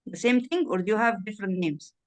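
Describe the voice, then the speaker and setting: This woman talks at a quick pace in a mid-range voice. She is a native Arabic speaker tutoring English in a one-on-one online lesson over video call, patiently drilling words and confirming her student understood.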